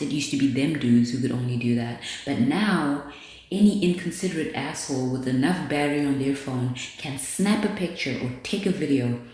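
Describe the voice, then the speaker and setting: A woman hosts a podcast in a very echoey room, giving a casual monologue of blunt, candid commentary with plenty of swearing. Her voice is rumbling and low, a little mellow.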